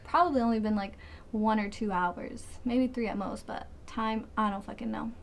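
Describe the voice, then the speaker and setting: A woman's voice: fairly high pitch, steady tone, moderate pace, vocal fry, slight background noise. A woman in her twenties telling a rambling, profane story in a dramatic, casual storytime way. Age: 20s. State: sweating, hot. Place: hot room.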